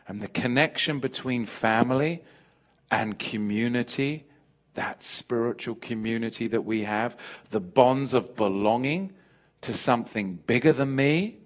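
An American man preaching a sermon, emphatic, joking and laughing with his congregation. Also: on the low side.

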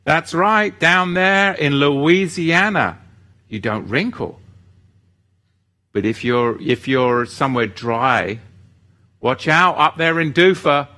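Animated, fired-up male livestream host. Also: slow pace. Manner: animated, gets fired up and swings his pitch. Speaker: host of a religious livestream, reading viewer comments. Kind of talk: casual livestream chat with scripture talk.

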